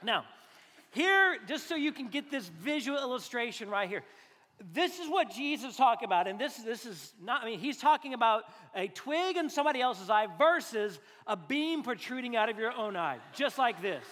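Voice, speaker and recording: A man's voice: very high voice, very animated, normal speed, fairly bright tone. A male pastor preaching a conversational sermon with jokes, acting out little quoted voices along the way. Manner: joking, conversational, acts out quotes. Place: church sanctuary. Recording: long hall reverb.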